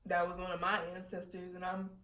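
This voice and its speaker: A woman's voice: lowish voice, completely flat delivery, a little fast, fairly bright tone. A woman vlogging from home, talking candidly and profanely with frequent laughter while she reflects. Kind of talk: casual personal monologue. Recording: roomy echo, distant from mic.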